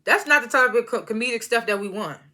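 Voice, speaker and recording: A woman's voice: on the high side, fast talker, pushed and bright. A woman casually recapping a reality show episode, laughing often and acting out what the cast said in loose, slangy talk. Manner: laughs often while retelling scenes; loose slangy storytelling, acts out quotes.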